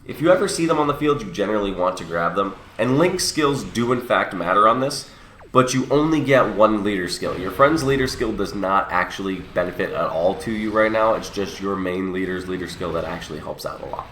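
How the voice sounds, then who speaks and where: Animated and fairly quick, a young man with a lowish, fairly bright voice talks in an echoey room with slight background noise. He runs a gaming channel and, though sick and sniffly with a cold, casually walks viewers through a mobile game, explaining things and correcting himself.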